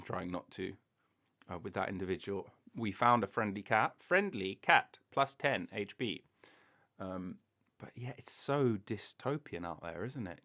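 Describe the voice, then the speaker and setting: A man hosts his own solo comedy podcast, talking alone into a recorder in a room. His voice sits on the lower side. He rambles from one tangent to the next with self-mocking jokes. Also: gravelly, fairly bright tone. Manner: meandering, self-mocking, chatty with jokey asides. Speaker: podcast host.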